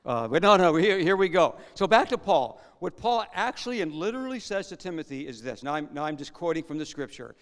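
A man with a smooth, resonant voice, pitched a touch higher than most men, preaches a conversational sermon and keeps asking his listeners rhetorical questions. His words ring out with a long reverb, as if he were in a large hall. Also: sing-song, fairly quick, hardly any pauses. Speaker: pastor.

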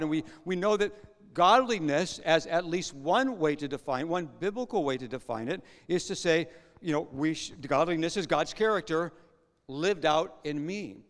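A man preaching a conversational sermon as a pastor, asking his listeners rhetorical questions. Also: fairly high pitch. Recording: long hall reverb.

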